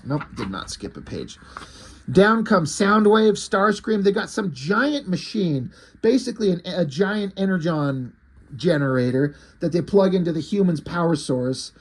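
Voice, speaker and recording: A man recaps a comic book in a chatty, loose way, dropping fillers and the odd swear word. His voice is slightly husky and sits a touch high for a man. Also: lively intonation, unhurried. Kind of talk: casual recap and review.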